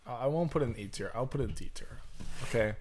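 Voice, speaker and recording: A man's voice: medium pitch, expressive, quick pace, darkish tone, husky. A man co-hosting a casual podcast, blunt and dramatic in his dislikes, joking around. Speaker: podcast co-host. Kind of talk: casual chat, taste-testing milks.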